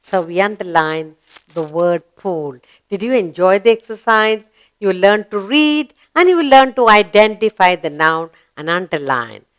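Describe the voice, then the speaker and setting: A woman's voice: medium pitch, animated. A woman teaching a children's grammar lesson, who asks questions and answers them herself in an encouraging teacher's voice. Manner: slow, encouraging, sing-song teacher voice.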